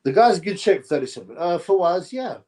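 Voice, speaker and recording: A man's voice: sits high, very animated, quick pace, a little mellow. A man hosting a casual live boxing stream, reading viewer comments aloud and giving blunt, opinionated, rambling takes.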